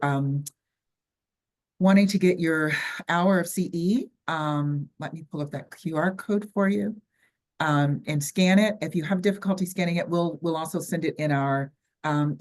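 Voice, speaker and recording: An older woman with a Southern US accent and a low voice wraps up an online workshop as its host. She talks in a chatty, halting way, full of ums and restarts, over a video call. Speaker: webinar host.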